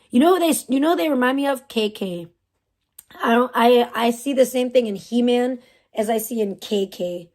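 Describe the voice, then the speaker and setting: A woman's voice: fairly high pitch, darkish tone. A young adult woman hosting a livestream, ranting with heavy profanity and open scorn. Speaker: livestream host.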